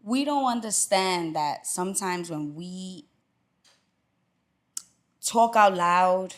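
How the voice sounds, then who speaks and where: A woman's voice: lowish voice, animated. A woman talking as a podcast guest in casual chat, earnest and emphatic. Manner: earnest and emphatic, quick reactions.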